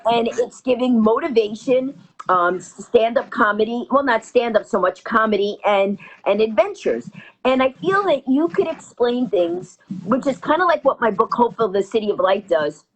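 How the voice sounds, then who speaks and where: A woman telling a comic story as an interview guest, fast and lively with punchy delivery. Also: fairly high pitch. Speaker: guest comedian.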